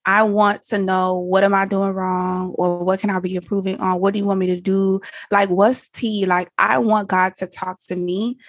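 A woman's voice: medium pitch, little pitch movement, normal speed, hardly any pauses, dry recording, studio quality. A woman guest on a faith podcast, talking earnestly in a casual, slangy way. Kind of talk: casual chat.

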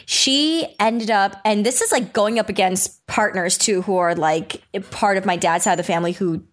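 A young woman talking openly and loosely in a relaxed chat. She fills her sentences with "like" and "um" and swears freely, with an ordinary mid-range pitch. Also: normal speed. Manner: candid, swears freely, many fillers. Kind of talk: casual chat.

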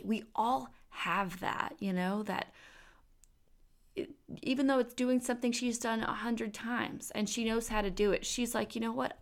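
Woman in her thirties, faith podcast host, candid storytelling, mid pitch. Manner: warm, candid storytelling with fillers. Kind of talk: faith-based podcast talk. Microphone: podcast microphone.

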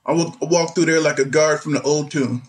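A man's voice: on the high side, a little fast, noisy background. A man in his sixties, an army veteran, telling a story in casual conversation and acting out the voices of the people in it. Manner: animated, acts out voices in quotes.

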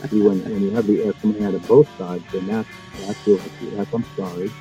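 A man on a live podcast stream, trading deadpan jokes with the host in casual chat. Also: lowish voice, brisk, soft background music, low-quality recording. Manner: deadpan, joking. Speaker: guest on the livestream.

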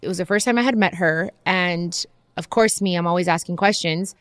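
A woman's voice: lowish voice, brisk, fairly bright tone, dry recording. A woman hosting a podcast, telling a personal story in a candid, casual way, talking straight to her listeners and acting out the people she quotes. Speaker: podcast host.

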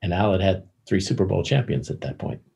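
An older man telling anecdotes as an interview guest, halting and repeating words as he searches for them. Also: low voice, animated, vocal fry, mellow. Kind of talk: casual anecdotal storytelling.

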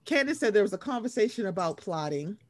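A woman's voice: mid-range voice, fast, no room sound. A woman, recapping reality TV gossip in casual chat and acting out quotes. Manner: animated gossip, acts out quotes. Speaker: podcast co-host.

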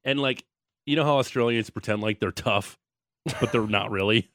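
A man's voice: lowish voice, normal speed, a bit bright, no room sound. A man co-hosting a sports radio show, telling stories and teasing in casual banter from a studio. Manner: joking, storytelling, teasing. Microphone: studio microphone.

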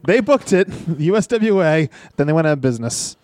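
A man hosting a casual wrestling podcast in a high voice, wisecracking and teasing his co-host between plugs. The sound is close and dry. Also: animated, brisk, a little mellow, no echo.

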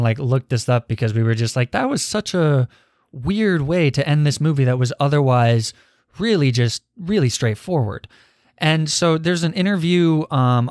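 A man's voice: mid-range voice, no echo. Young man hosting a dry film chat. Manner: leads the discussion, poses questions; candid, swears casually. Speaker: podcast host. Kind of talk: casual film review chat.

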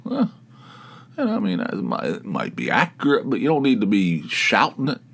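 A man's voice: on the low side, huge pitch swings, fairly quick, gravelly, fairly bright tone, slightly rough. A man hosting his own podcast, telling a story casually, rambling with many restarts and chuckles. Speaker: podcast host.

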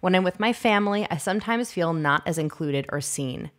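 A woman's voice: fairly low pitch, expressive, a little fast. A woman co-host giving upbeat advice and reading out a listener letter. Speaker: podcast co-host.

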